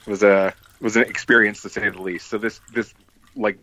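A man casually telling a long, rambling story on a podcast. He swears a lot and acts out what people said with sudden jumps in pitch. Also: fairly even intonation, brisk, pushed and bright. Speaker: podcast host.

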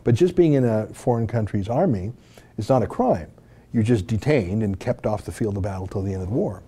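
Canadian guy ranting on his show, super dark mellow voice, kinda low, lots of rhetorical questions. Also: expressive, a little fast, slightly rough. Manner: emphatic, indignant, rhetorical questions. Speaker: host and commentator. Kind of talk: opinionated commentary to camera.

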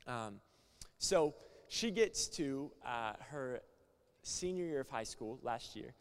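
A young male pastor from Florida preaching at a conference, moving from quiet stories to loud, passionate preaching. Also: mid-range voice, expressive, slow pace, smooth. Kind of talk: conference sermon with storytelling. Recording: long hall reverb.

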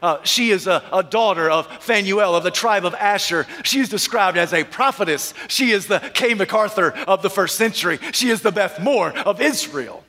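Pastor giving a sermon, a man with a high voice, animated and funny storyteller, echo of a hall. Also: moderate pace, hardly any pauses. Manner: animated storyteller, humorous, dramatic. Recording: echoey hall.

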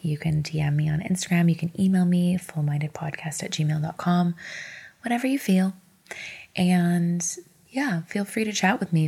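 A woman's voice: lowish voice, gravelly, dark tone, breathy edge. A woman in her thirties hosting a casual solo podcast from her bed at home, candid and emotional, encouraging her listeners and swearing casually. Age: 30s. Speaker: podcast host.

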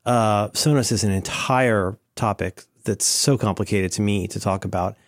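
A man's voice: on the low side, normal speed, dry recording, clean studio sound. A man co-hosting a podcast, trading wry, teasing asides in casual tech chat. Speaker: podcast co-host.

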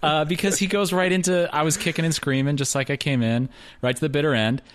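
A man's voice: a little high, fairly even intonation, quick pace, no room sound. A man co-hosting a casual music review chat, wry and teasing with dry humor. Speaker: podcast co-host.

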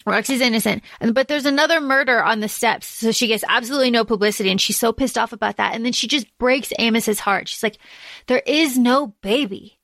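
Gushing higher-voiced woman podcast co-host. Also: fast talker, hardly any pauses, fairly bright tone, dry recording. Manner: enthusiastic, gushing. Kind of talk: casual chat.

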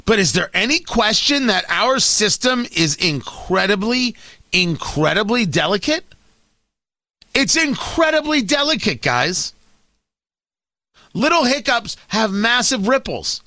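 A man hosting a talk show, delivering an animated, sarcastic political rant. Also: high voice, unhurried, no echo. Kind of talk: opinionated political monologue.

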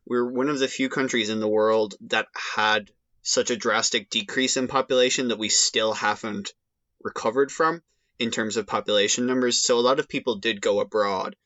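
An Irish man chats as a podcast guest, wandering through points with wry, sarcastic asides. His voice is bright and sharp, recorded dry and close on a somewhat dull, lo-fi mic. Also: mid-range voice, steady tone, normal speed, dry recording. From Ireland. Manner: rambling, wry sarcastic humor. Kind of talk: casual chat.

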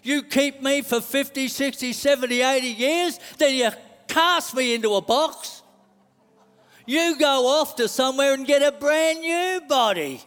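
Preacher doing a whiny tired flesh guy, high and complaining, big hall echo. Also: a little slow, fairly bright tone. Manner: whining, complaining. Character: whiny lazy male flesh, tired, selfish.

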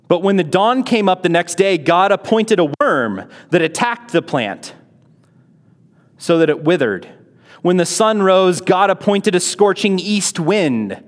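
A man giving a casual Bible lesson, reading passages aloud and explaining them in a chatty way with rhetorical questions. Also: a little high. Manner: conversational, rhetorical questions, many fillers. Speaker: Bible teacher. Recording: long hall reverb.

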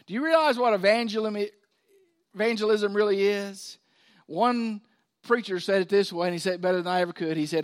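A male pastor preaching a sermon, swinging between loud emphasis and hushed asides. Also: high voice.

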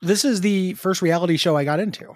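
A man's voice: high-pitched, fairly quick, darkish tone, no echo. A man co-hosting a casual chat, joking crudely and laughing often. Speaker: podcast co-host.

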